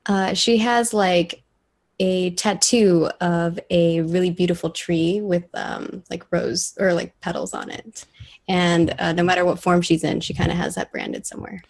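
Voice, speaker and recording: A woman's voice: fairly low pitch, flat delivery, a little slow, creaky. A woman player chatting casually about her character in a tabletop game, often giggling.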